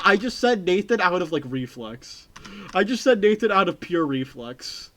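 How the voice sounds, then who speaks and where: Rambling, excitable streamer with a lively pitch. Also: moderate pace, slight background noise. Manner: rambling and excitable, swears casually; talks to chat and repeats phrases. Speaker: game streamer. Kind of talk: casual live-stream chat while playing.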